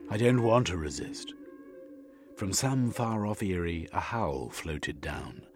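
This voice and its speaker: Brief: deep-voiced male audiobook narrator, unhurried, lively pitch, faint music underneath. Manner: measured, expressive storytelling. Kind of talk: audiobook reading.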